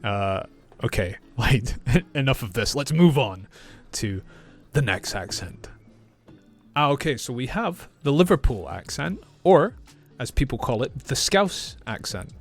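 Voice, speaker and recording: A man, an English teacher explaining clearly and repeating words for learners. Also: mid-range voice, expressive, measured pace, soft background music. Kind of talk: reaction video lesson.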